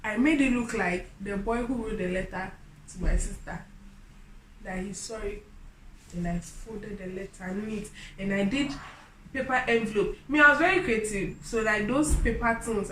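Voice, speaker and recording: A young woman, telling stories in a chatty, animated, giggly way as a vlogger. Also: medium pitch, slight background noise. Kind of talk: casual storytelling. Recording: echoey room, mic at a distance.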